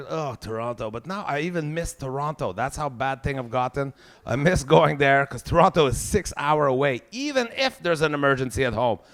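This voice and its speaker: A man's voice: medium pitch, a bit bright. A man in his forties with a Quebec French accent, doing a profane, exasperated stand-up rant. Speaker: stand-up comedian. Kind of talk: stand-up routine.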